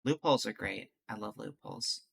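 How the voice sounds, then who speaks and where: Chatty, bright-voiced streamer. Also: medium pitch, fairly quick, creaky, husky. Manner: chatty, candid, rambling with restarts. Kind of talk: casual chat and visual novel read-through.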